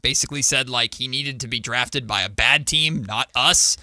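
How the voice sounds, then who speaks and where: A man co-hosting a sports radio show, chatting casually and teasing his co-host in an animated way. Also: medium pitch, moderate pace, no echo, clean studio sound.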